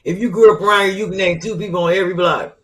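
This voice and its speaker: A middle-aged woman co-hosting a casual podcast, telling stories with playful, animated complaints. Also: medium pitch, very fast. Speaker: co-host.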